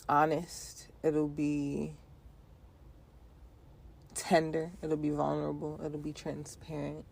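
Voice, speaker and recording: A woman's voice: deep voice, creaky, dark tone. A woman hosting her own podcast in a playful, rhythmic solo monologue, with casual slang and frequent laughter. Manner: casual, conversational phrasing with slang. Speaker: podcast host.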